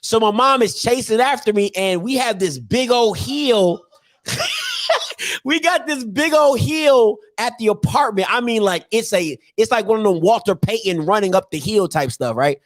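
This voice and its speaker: A man telling a comic childhood story in an animated way, laughing often. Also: high-pitched, a little slow, dry recording.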